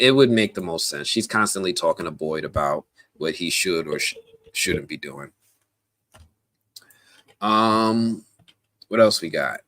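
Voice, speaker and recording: A man hosting a casual live stream, chatty and animated, talking straight to his viewers with plenty of slang, fillers and restarts. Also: low-pitched. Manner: slangy, addresses viewers directly.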